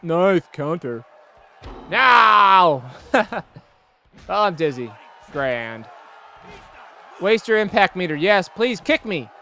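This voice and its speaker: Excitable man yelling over a wrestling game. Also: high-pitched. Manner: excitable, yelling and groaning at the game, cursing, trash-talking. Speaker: gameplay commentator. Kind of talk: let's play commentary.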